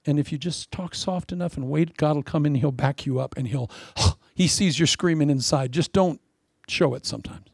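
A man preaching a lively sermon with jokes, swinging between loud punchlines and soft asides. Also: a little high, moderate pace, vocal fry, husky, dry recording, clean studio sound. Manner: animated, joking, often laughing, drops to soft asides.

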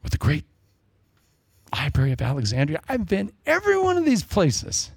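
A male pastor preaching a sermon in an excitable way, wandering off into jokey asides. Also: high voice, normal speed, vocal fry, breathy edge, no room sound.

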